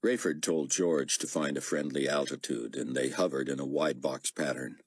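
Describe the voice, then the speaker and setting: A man's voice: rumbling low, moderate pace, husky, dry recording. A man narrating an audiobook expressively, voicing many characters. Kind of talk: scripted narration.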